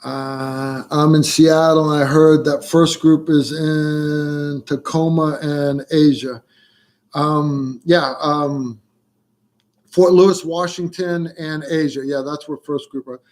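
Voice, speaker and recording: A man's voice: fairly high pitch, takes it slowly. A middle-aged man from the United States hosting a livestream, chatting casually and telling stories with frequent fillers. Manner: relaxed storytelling with frequent fillers. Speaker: livestream host answering viewer questions.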